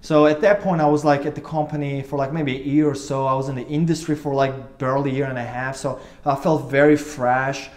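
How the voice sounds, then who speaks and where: A vlogger in his twenties earnestly recounts a personal experience to camera, rambling with many fillers and restarts. His voice is medium-pitched with a flat delivery, a little fast and hardly pausing.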